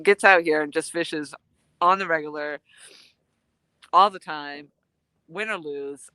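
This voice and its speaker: A woman's voice: low voice, sharp tone, clean tone, dry recording. A woman hosting a casual live stream outdoors while fishing, chatting and thanking viewers by name. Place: outdoors, fishing in freezing cold.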